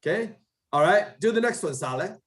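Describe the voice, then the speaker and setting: A man's voice: high-pitched, normal speed. A man teaching English to a class, drilling pronunciation, correcting students and repeating words back to them. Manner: animated, lively intonation. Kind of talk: classroom drill over a video call.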